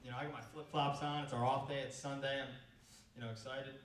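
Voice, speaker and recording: A man's voice: mid-range voice, little pitch movement, fast talker, recorded from a distance, a little hiss or hum. A young man, a college baseball coach giving a speech to an audience. He tells stories in a loose, rambling way, full of fillers like "you know.". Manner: rambling, filler-heavy storytelling. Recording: roomy sound from off-mic.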